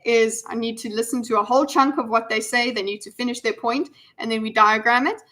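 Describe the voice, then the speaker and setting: Rambling, higher-voiced woman streamer. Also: fairly even intonation, fairly quick, sharp tone. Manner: rambling, full of ums and restarts; chatty, talks straight to her viewers. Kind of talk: casual live-stream commentary. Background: faint background music.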